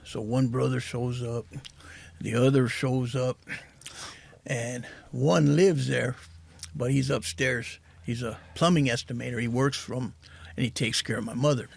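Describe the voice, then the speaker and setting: Husky middle-aged man, halting and soft. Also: medium pitch, steady tone. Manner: soft-spoken, halting, says "man" often. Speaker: podcast guest. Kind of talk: candid recovery story.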